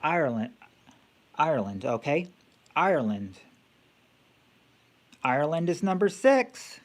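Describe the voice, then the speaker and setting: A man's voice: fairly high pitch, very animated, takes it slowly. A man hosting a casual live-stream quiz game, thinking aloud with many fillers and restarts.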